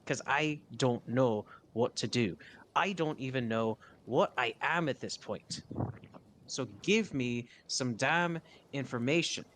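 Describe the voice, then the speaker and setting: A man's voice: mid-range voice, slow pace, fairly bright tone, slight background noise. A man voicing a haunted, weary male sailor who hears a voice in his head, tired and resigned. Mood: pleading, frustrated.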